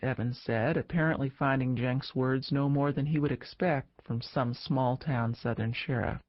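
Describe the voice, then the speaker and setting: A man reading a political thriller audiobook in steady narration. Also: mid-range voice, moderate pace, no echo, highs cut off.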